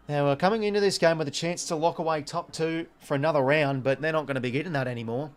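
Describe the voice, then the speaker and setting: A young Australian man hosting a live watch-along, calling the match casually with excitable bursts and the odd mild swear word. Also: fairly high pitch, quick pace, hardly any pauses, smooth.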